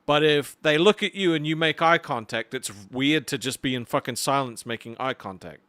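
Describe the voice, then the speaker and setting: A man with a New Zealand accent, a guest on a livestream, talking in hesitant, halting bursts and laughing often. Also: mid-range voice, pushed and bright, no room sound. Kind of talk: casual livestream chat.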